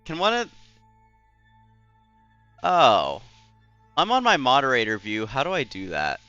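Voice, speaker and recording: A man's voice: medium pitch, wildly swooping pitch, a little slow, pushed and bright, clean tone, no room sound, highs cut off, soft background music. A young man streaming a game, chatting casually in a rambling, filler-heavy, self-deprecating way. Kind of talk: casual live-stream chat.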